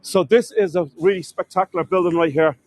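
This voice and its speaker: Narrating a live city walking tour outdoors, an Irish guide speaks a little fast in a high-pitched voice with fairly even intonation. He addresses viewers as "folks" and often stumbles over words and corrects himself. There's no room sound.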